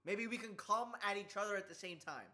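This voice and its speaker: A man streaming, chatting casually in a teasing, boisterous way and prone to shouting. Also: sits high, brisk. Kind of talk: casual chat.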